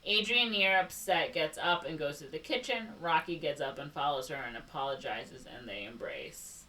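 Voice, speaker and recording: A woman with a Chicago accent reads a movie plot summary on a casual podcast. Her voice sits low but swings widely in pitch, and she cuts in with sarcastic remarks. She sounds a bit distant from the microphone. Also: expressive, moderate pace, pushed and bright, slight background noise. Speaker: podcast co-host.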